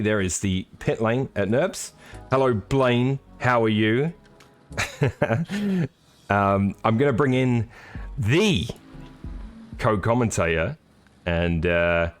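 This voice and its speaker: A man hosting a live sim racing stream, chatting casually and jokily with viewers as he walks through a track lap. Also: fairly low pitch. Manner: jokey, rambling, chatty with viewers.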